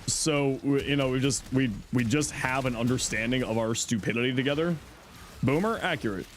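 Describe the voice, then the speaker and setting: A man's voice: mid-range voice, normal speed, slight background noise. A middle-aged man chatting casually on his livestream, answering chat in a playful, teasing way and laughing often.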